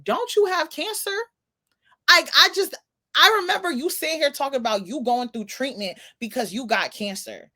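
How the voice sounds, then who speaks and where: A young adult woman co-hosting a podcast, telling stories in an animated, incredulous way during casual chat. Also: high-pitched, fairly quick. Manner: animated storytelling, laughing incredulity. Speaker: podcast co-host.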